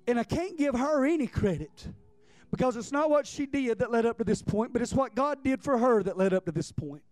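A man preaches with rising passion, his voice pitched high for a man. He hammers words over and over and climbs toward shouts. The sound is dry, with no room echo. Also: animated, fairly quick, soft background music. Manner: impassioned, repeats words, builds to near-shouts. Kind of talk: sermon.

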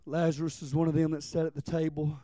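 High-voiced impassioned male preacher. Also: level tone, quick pace, dry recording, studio quality. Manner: impassioned, repeats words, builds to near-shouts. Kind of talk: sermon.

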